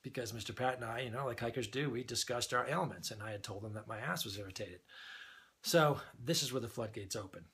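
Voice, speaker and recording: A man telling a funny anecdote in a casual, animated way, chuckling as he goes. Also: medium pitch, fairly quick, husky. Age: older than the usual young adult. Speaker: storyteller.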